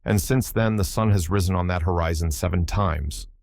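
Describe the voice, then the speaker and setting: A man voicing a hoarse, rough-spoken sailor who talks in halting, broken phrases and keeps begging to be understood. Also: sits low, a little mellow. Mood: insistent. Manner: repeats himself, pleads to be understood. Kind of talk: audiobook character voice.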